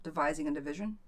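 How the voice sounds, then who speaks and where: A woman with a somewhat low voice hosts a live tarot reading and reads out questions from her chat. Her answers are blunt and outspoken, with plenty of casual swearing. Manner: reads viewer questions aloud, then answers them. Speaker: tarot reader.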